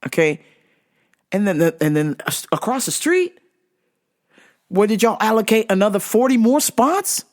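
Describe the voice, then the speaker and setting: A woman's voice: medium pitch, sing-song, normal speed, long pauses, darkish tone. A woman hosting a talk show, ranting in a profane, emphatic, comic way and laughing through her stories. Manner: foul-mouthed, emphatic, repeats "okay?". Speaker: show host. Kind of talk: profane comedic rant.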